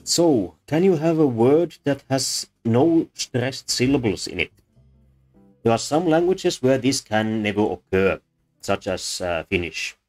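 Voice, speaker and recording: A man's voice: mid-range voice, big pitch swings, a little slow, a little mellow, faint music behind. A man giving an unscripted talk on language sounds, thoughtful and hesitant, with frequent fillers and restarts. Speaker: presenter. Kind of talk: unscripted explanatory lecture.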